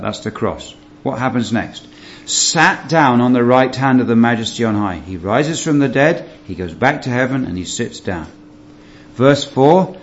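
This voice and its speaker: A man's voice: medium pitch, slight background noise. A man preaching a sermon, teaching verse by verse in an earnest manner and asking his listeners rhetorical questions. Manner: earnest Bible teaching with rhetorical questions, rising emphasis on key phrases. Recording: muffled roomy recording.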